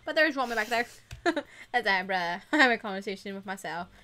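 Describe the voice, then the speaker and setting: Giggly young woman streamer, lively voice. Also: mid-range voice, brisk. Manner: giggly, chatty, greets viewers by name. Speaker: livestream co-host. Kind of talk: casual gaming stream chat.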